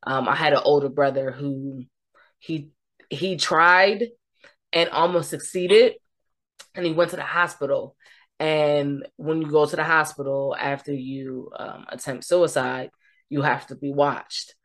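A woman hosting a podcast interview, speaking gently and openly with emotion. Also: low-pitched, steady tone, unhurried. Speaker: podcast host. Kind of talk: conversational interview.

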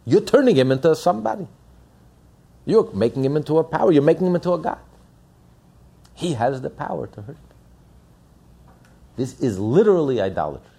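A man preaching a religious lesson with a gravelly, husky voice. His pitch swings widely as he hammers his points home with repeated rhetorical questions. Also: sing-song, brisk, long pauses, warm tone. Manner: emphatic, repetitive, rhetorical questions. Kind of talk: sermon.

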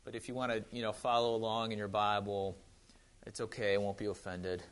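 A man's voice: lowish voice, flat delivery, brisk, clear, resonant tone. A man with a Wisconsin accent giving a casual sermon, chatty with joking asides and frequent restarts. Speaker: pastor.

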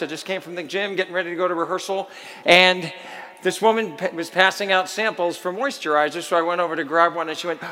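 A man's voice: high-pitched, in a large hall. A man emceeing an event, telling a funny story to the crowd and acting out the people in it. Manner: animated, acts out the people in his story.

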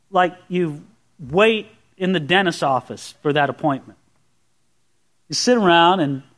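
A man's voice: high voice, fairly bright tone. A man preaching a sermon, reading scripture and swinging between conversational asides and emphatic, rising declarations. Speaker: pastor.

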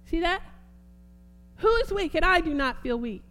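A woman preaching a sermon, fervent, repeating phrases and swinging between soft and emphatic delivery. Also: extremely high pitch, big pitch swings, fairly quick.

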